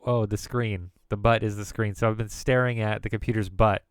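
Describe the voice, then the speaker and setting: This man's voice sits on the low side, steady, brisk, clear and resonant, with no echo. He's live-streaming from his computer at home, rambling through casual chat and riffing on words for laughs.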